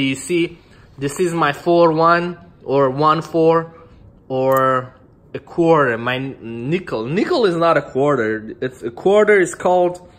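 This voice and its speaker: A young Iranian man whose first language is Farsi rambles loosely to the camera in a vlog, laughing often. His voice is fairly high and a bit bright.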